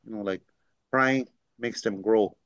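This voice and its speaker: A man teaching through unhurried stories, full of fillers and the tag "eh?". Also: lowish voice, a bit bright, smooth, no echo. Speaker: language teacher. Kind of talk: storytelling teaching talk. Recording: dry, dull lo-fi recording.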